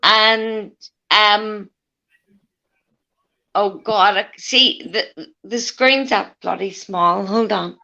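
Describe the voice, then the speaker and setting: Slow Northern Irish woman, bright voice. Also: mid-range voice, steady tone, creaky, dull audio. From Northern Ireland. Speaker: panel guest. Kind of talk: casual chat.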